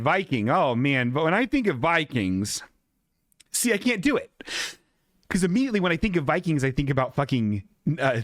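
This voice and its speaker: A man's voice: mid-range voice, a bit bright, no room sound, studio quality. A man hosting a live-streamed podcast in casual chat, rambling, self-deprecating and swearing a lot. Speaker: podcast host.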